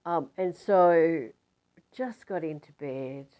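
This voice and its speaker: An older woman, a spiritual teacher telling a story casually in a rambling, animated way with many fillers. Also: low voice, slow, rough recording.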